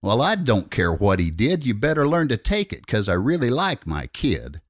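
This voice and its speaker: A man's voice: medium pitch, huge pitch swings, moderate pace, dry recording, clean studio sound. A man voicing a sassy, flirtatious diner waitress who turns brash and scolding, in a recited comic story poem. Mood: scolding, furious. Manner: saucy and brash, barking insults when angry.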